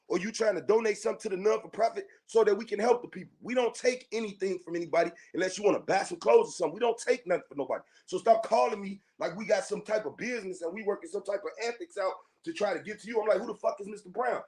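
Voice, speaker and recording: A man's voice: high-pitched, fast, hardly any pauses, a little mellow. A man hosting a podcast, delivering a heated, profane monologue straight at his listeners, confrontational and full of repetition. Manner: profane, confrontational, repeats himself. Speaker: podcast host.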